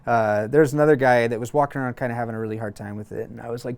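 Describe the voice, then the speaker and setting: A man in his thirties, a former Marine, calmly telling a long personal story in a casual interview, with frequent fillers and restarts. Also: mid-range voice. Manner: relaxed, halting, many fillers and restarts.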